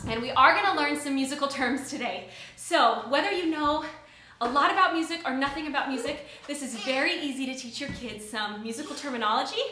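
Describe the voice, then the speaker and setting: High-voiced cheerful lady teaching kids songs at home, bright tone. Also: fairly quick, a little hiss or hum. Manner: cheerful, sings nursery songs, coaxing children. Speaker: music teacher. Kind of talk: children's music class with singing. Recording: echoey room.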